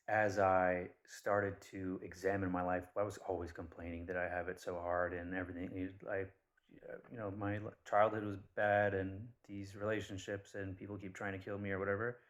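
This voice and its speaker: Deep-voiced blunt man rambling. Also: normal speed. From Persian background. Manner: blunt, swears, animated retellings. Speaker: vlogger. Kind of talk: casual rambling monologue.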